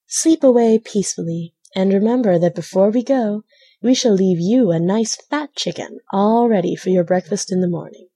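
A woman voicing a sly, scheming male weasel in a storybook, smooth and coaxing. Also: medium pitch, normal speed, mellow. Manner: smooth, wheedling.

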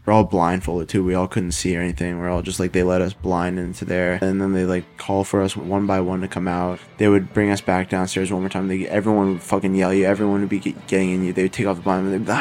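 Low-voiced young man rambling casually. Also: completely flat delivery, fast, few pauses, darkish tone, soft background music. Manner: rambling, frequent "like" fillers, profane. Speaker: interviewee. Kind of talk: casual storytelling.

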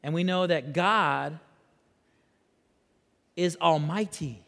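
A man preaching a sermon, swinging between loud emphasis and hushed passages and leading the congregation in repeating lines. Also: a little high, unhurried, long pauses. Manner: leads the congregation in call-and-repeat. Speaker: pastor. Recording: long reverb of a large hall.

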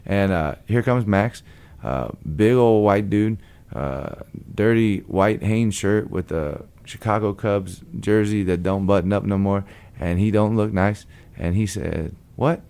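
A man from Long Beach, California, a blues guitarist, telling a story in a lively way and acting out the people in it. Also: fairly low pitch, measured pace, few pauses, clear, resonant tone. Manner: lively, acts out the other people in his stories. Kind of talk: animated storytelling.

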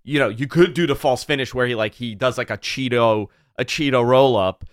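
Young man, podcast co-host, mid-range voice, animated and rambling. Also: medium pitch, fairly quick, a little hiss or hum. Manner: animated storyteller, trails off and restarts often. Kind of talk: casual chat.

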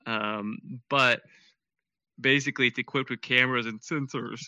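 A man's voice: medium pitch, fairly even intonation, normal speed, bright, forceful tone, clear, resonant tone, dry recording, muffled recording. A man hosting a podcast in casual chat, laid-back and full of fillers and slang. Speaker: podcast host.

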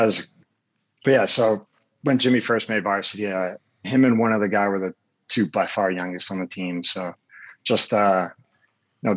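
Low-voiced man telling a relaxed story. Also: poor audio. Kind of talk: casual storytelling.

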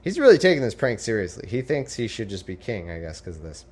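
A man's voice: on the low side, sing-song, quick pace, husky. A man reading the Bible aloud in a formal tone and breaking off into casual, sarcastic commentary. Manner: sarcastic asides, wry, casual. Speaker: podcast host reading scripture.

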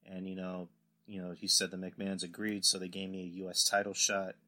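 Low and brisk, this man hosts a podcast in casual chat. He tells stories animatedly, acting out what other people said.

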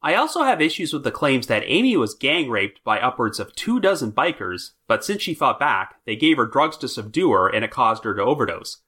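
A man's voice: medium pitch, very animated, fairly quick, few pauses, pushed and bright, breathy edge. A man hosting a true crime podcast, reading prepared notes in a wry, storytelling manner. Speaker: podcast host.

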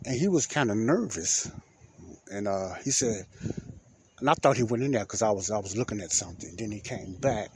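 A low-voiced, middle-aged podcast host, spinning a long, looping anecdote. He circles back over his points and slips into the voices of the people he quotes. The home recording carries a clear layer of background noise. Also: lively intonation, normal speed. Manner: rambling, repeats himself, acts out quoted dialogue. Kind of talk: casual storytelling monologue.

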